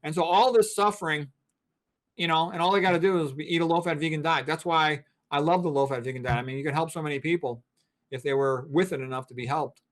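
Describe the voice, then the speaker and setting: A physician in his sixties, appearing as an interview guest, explains things in a blunt, emphatic, lecturing way. He talks fast, with a voice on the high side and a fairly bright tone.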